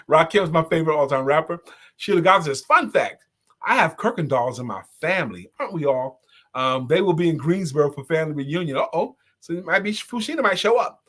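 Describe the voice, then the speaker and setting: Playful man singing quick shout-out jingles. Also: on the high side, animated. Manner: playful, sings and raps short jingles, laughs often. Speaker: host. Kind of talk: live-stream shout-outs, improvised jingles.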